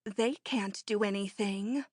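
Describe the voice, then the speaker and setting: A woman reading an audiobook, voicing a timid, frightened woman friend who speaks slowly, faintly and shakily. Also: mid-range voice, darkish tone, no room sound, studio quality. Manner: slow, faint, shaky.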